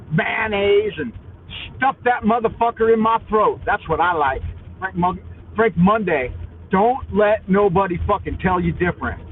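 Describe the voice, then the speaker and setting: A man hosting a live stream from his minivan, loud and crude, cursing at other drivers while hopped up on coffee. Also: high-pitched. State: highly caffeinated. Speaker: vlogger, live-stream host. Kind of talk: profane driving rant on a live stream. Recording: tinny, phone-like with faint vehicle noise.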